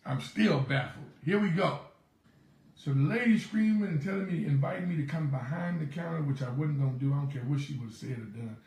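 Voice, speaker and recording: A man's voice: fairly high pitch, brisk, darkish tone, echoey room, low-quality recording. A man, a pastor hosting his morning show, telling a story animatedly and acting out the quotes. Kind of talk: storytelling devotional talk.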